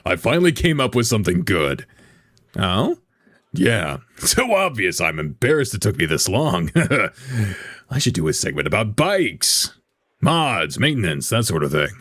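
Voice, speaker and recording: A man's voice: on the low side, very animated, measured pace, a bit bright, no room sound, studio quality, voice pushed down, full character voice. A man voicing an eager slangy young biker. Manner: slangy and upbeat. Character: eager young male biker pitching show ideas.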